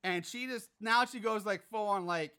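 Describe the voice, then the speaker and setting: A man's voice: high-pitched, normal speed, bright, forceful tone, smooth. Profane, exasperated man recapping a movie. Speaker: podcast host.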